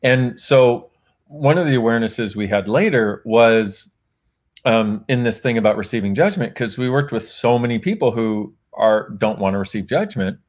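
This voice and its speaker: A man's voice: medium pitch, moderate pace. A man, an author, chatting casually in a conversation, laughing often, acting out remembered dialogue, and rambling and correcting himself as he goes. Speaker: author and guest.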